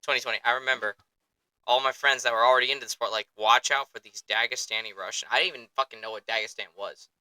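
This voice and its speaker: A young man hosting a sports podcast in an excitable, rambling, profane way, close to the mic. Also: mid-range voice, quick pace, dry recording, rough recording. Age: young adult. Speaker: podcast host. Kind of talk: casual chat.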